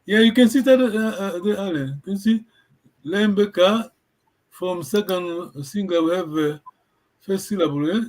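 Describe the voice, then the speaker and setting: A man's voice: sits high, normal speed, darkish tone. A man teaching a language lesson over a video call, patiently checking that his students follow.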